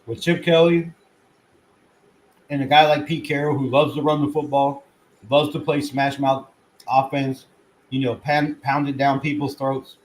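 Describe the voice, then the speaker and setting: A man hosting his own fan channel, giving casual sports commentary in an excitable, rambling way with plenty of swearing, at times talking while chewing. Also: mid-range voice, unhurried, pauses often, poor audio. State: chewing food.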